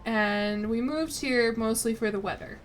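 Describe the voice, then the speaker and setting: Chatty higher-voiced young woman streamer. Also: a little hiss or hum. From Chicago, United States. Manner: chatty, rambling, quick to laugh. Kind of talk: casual chat while streaming.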